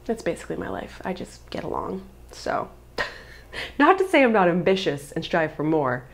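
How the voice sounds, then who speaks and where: A woman in her thirties, a vlogger chatting casually to camera in an upbeat way, laughing often. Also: medium pitch.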